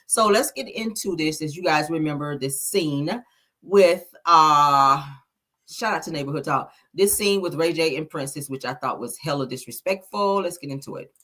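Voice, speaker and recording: A woman's voice: low voice, normal speed, a bit bright. A woman giving casual, blunt celebrity gossip commentary, sassy and profane, laughing often.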